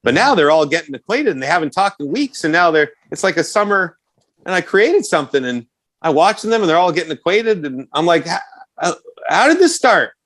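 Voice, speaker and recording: A podcast co-host with a fairly high voice talks quickly, spinning animated stories in casual chat and laughing a lot.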